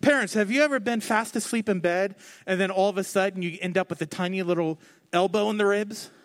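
This pastor, a man in his thirties, preaches in a conversational, self-mocking way, acting out quoted voices as he goes. His voice is high-pitched and a little fast.

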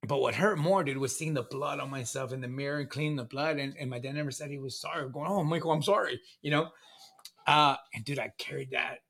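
Rambling man, bright forceful voice. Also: medium pitch, fairly even intonation, vocal fry. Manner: rambling, halting, repeats words, says "man" often. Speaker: guest sharing recovery story. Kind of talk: casual conversation, personal storytelling.

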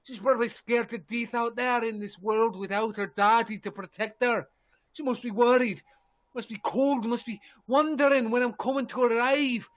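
A man playing a gruff, grieving lumberjack in his fifties who snaps at strangers. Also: extremely high pitch, fairly even intonation, moderate pace. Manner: bitter, snapping, defensive.

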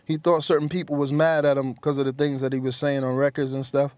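A man from the Bronx telling a story as an interview guest, animated and acting out the voices in it. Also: mid-range voice, quick pace, no room sound. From the Bronx, New York. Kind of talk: anecdotal storytelling. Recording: dry close mic.

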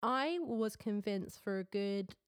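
A woman's voice: medium pitch, slow, smooth, no room sound, studio quality. An Englishwoman co-hosting a podcast, chatting casually about a film, swearing freely and laughing often. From England. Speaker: podcast co-host. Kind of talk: casual film review chat.

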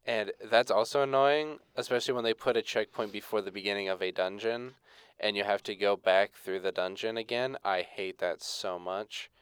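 A man's voice: on the low side, moderate pace, a bit bright, smooth, no room sound. A young man co-hosting a casual podcast chat, enthusiastic and often restarting his sentences. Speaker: podcast co-host.

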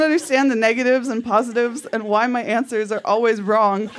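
A woman's voice: a little high, fairly even intonation, moderate pace, hardly any pauses, noisy background. A woman on stage at a live show, reading her old letters aloud with mock outrage while the audience laughs.

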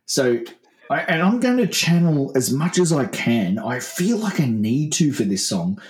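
A man co-hosting a comedic podcast, bantering and slipping into quick silly character voices. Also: medium pitch, sing-song, reverberant. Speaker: podcast co-host. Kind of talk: comedic casual chat.

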